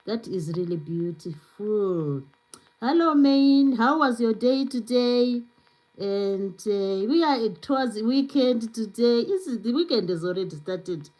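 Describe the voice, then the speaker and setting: On her casual live stream, a woman talks freely and responds to viewer comments as she goes, filling her speech with "you know." Her voice is slightly high with a darkish tone, and the recording quality is low.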